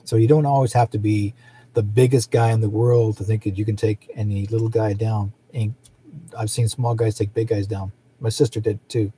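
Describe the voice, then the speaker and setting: A man's voice: lowish voice, level tone, moderate pace, dark tone, a little hiss or hum. A middle-aged man hosting a psychic show, talking in a rambling, casual way and often laughing. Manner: rambling, chatty, laughs often, acts out quoted people. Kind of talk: casual livestream chat.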